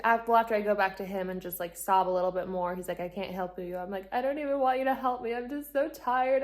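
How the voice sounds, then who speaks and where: A woman vlogger casually recounting a hard travel day, acting out the people she met and laughing often. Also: medium pitch. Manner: animated, acts out quoted exchanges, laughs often. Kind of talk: casual storytelling vlog.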